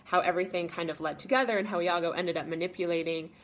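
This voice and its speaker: A woman's voice: lowish voice, steady tone, quick pace. A woman giving a casual spoken lesson summary as a teacher, talking informally with lots of fillers and paraphrasing characters' lines.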